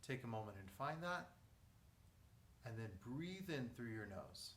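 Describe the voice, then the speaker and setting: A man teaching a vocal lesson, guiding breathing and posture in a calm, step-by-step way. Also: medium pitch, a little slow, a little hiss or hum. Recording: echoey room, mic at a distance.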